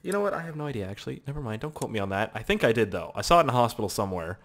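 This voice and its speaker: A young man giving excitable, profane let's play commentary, humming little tunes as he plays. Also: medium pitch, rapid-fire. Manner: excitable, swears a lot, hums little tunes. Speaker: gaming channel host.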